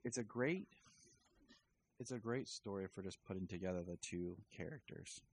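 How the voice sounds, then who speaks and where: A man's voice: deep voice, normal speed, slight background noise, low-quality recording. A man casually retelling and reviewing a comic, rambling with many fillers. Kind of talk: casual chat.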